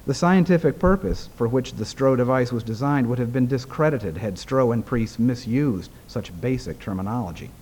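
A man presenting a prepared paper, reading it aloud in a measured, formal way. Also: medium pitch, a little mellow, a little hiss or hum.

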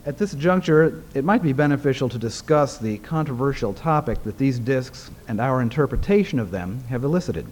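A man presenting a prepared paper, reading it aloud in a measured, formal way. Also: mid-range voice, animated, a little mellow, slight background noise.

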